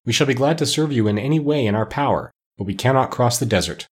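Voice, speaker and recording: A man's voice: mid-range voice, expressive, fast talker, husky. A man voicing a formal, courteous winged monkey king in an audiobook reading.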